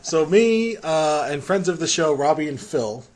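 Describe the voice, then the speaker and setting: A man's voice: a little high, animated, measured pace, darkish tone. An American man hosting a podcast, telling a rambling story in casual chat and laughing through it. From United States. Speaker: podcast host.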